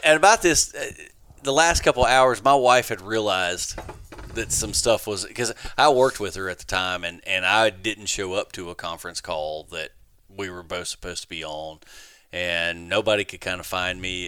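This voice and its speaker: A man's voice: fairly low pitch, moderate pace, smooth, no room sound. A man telling a long story on a casual podcast, acting out the people he quotes. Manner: animated, laughing storyteller who acts out quotes. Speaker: podcast guest.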